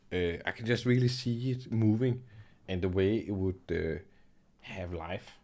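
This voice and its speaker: A young man hosting an art livestream, rambling and joking in a relaxed chat while he laughs and swears. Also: sits low, moderate pace. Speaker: livestream host and digital artist.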